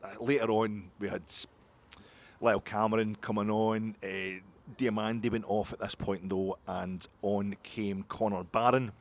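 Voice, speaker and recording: Excitable Scottish man, rambling football talk. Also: lowish voice, a little slow, creaky. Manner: excitable, rambling, swings between muttering and loud outbursts. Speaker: football podcast host. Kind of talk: post-match fan reaction monologue.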